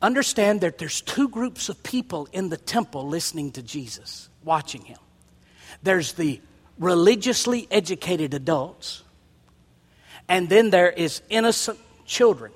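High-voiced preaching man in a big hall. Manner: preaching, rising to loud emphatic calls. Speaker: pastor. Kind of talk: sermon. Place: church sanctuary. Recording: long hall reverb.

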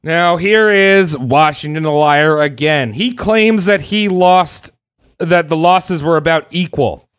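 A young man with a slightly high voice tells history in a loose, irreverent, swear-heavy way, chuckling along. The sound is dry and close, with no room echo. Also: takes it slowly, fairly bright tone, clean tone. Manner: irreverent, profane, laughs while telling. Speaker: podcast host telling a history story. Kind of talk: casual storytelling chat.

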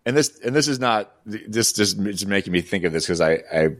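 A man co-hosting a podcast, talking easily about old TV shows, thinking out loud as he goes. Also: fairly low pitch, animated, a little fast, no room sound, clean studio sound. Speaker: podcast co-host.

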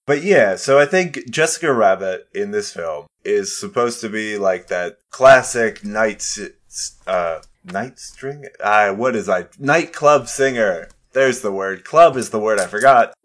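A man's voice: lowish voice, animated, measured pace, few pauses, a bit bright. A man co-hosting a podcast, chatting casually about a film, joking and rambling, and poking fun at himself. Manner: joking, rambling, self-mocking. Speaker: podcast co-host. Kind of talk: casual chat.

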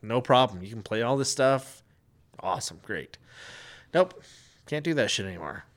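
A man's voice: medium pitch, lively intonation, fairly quick, fairly bright tone. Man, casual podcast co-host; exasperated, profane storyteller. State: sick with flu at the time told, not now.

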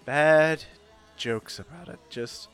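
A man's voice: on the high side, slow pace, over music. A man hosting a casual podcast chat, laughing often as he talks. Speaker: podcast host.

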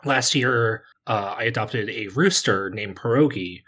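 A man's voice: on the low side, unhurried, a bit bright, slightly rough. A man with a US East Coast accent in casual podcast chat, rambling and hesitant, full of fillers and restarts. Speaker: podcast co-host.

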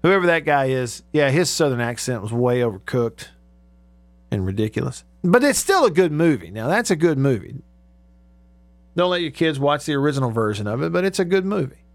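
A man hosts a casual talk radio show, reading out listener texts and laughing often. His voice sits a bit high. The studio sound is dry and close. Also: very animated, fairly quick, dry recording.

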